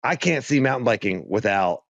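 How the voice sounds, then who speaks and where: A man's voice: medium pitch, expressive, moderate pace, fairly bright tone. A man chats casually on a podcast, rambling from one thought to the next and breaking into laughter at his own jokes. The recording is muffled and lo-fi, with a dead, dry sound and no room echo. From Arizona. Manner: rambling, joking, laughs often. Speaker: podcast co-host. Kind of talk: casual chat.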